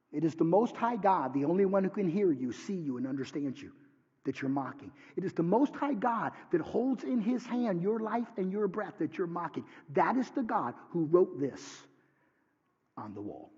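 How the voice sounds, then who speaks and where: A man who is a pastor, preaching a sermon with dramatic swings from hushed lines to near shouts. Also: on the high side, breathy edge. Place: church sanctuary. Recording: dull sound with long hall reverb.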